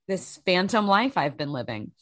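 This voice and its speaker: A woman's voice: lowish voice, sing-song, moderate pace, a bit bright, dry recording, clean studio sound. A woman co-hosting a casual chat, self-deprecating and rambling with restarts. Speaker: podcast co-host.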